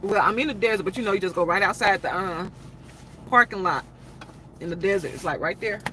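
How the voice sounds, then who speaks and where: A woman, chatting casually to a livestream audience and acting out other people's lines in a higher voice. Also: brisk. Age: 30s. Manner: chatty, acts out quoted people in a high voice. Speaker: vlogger. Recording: loud car and street noise.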